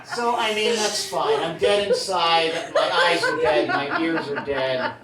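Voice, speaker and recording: A man doing a stand-up comedy set in a small club, with a deadpan, self-deprecating delivery. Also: fairly high pitch, measured pace, heavy background noise. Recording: roomy club sound from a far mic, crowd laughing. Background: audience laughter.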